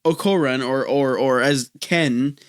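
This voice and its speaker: A man's voice: medium pitch, slow, smooth, no echo, clean studio sound. Jokey man rambling through a review. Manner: jokey, rambling, many fillers. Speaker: anime review host. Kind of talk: casual comedic review.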